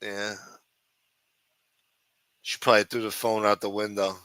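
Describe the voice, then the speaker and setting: A man hosts his own livestream, reading the news aloud and breaking off into rambling, profane rants. His voice is bright and forceful. The sound is dry and close, with no room echo. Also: lowish voice, little pitch movement, unhurried, pauses often, smooth. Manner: crude, sarcastic, reads headlines aloud then rants. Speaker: livestream host.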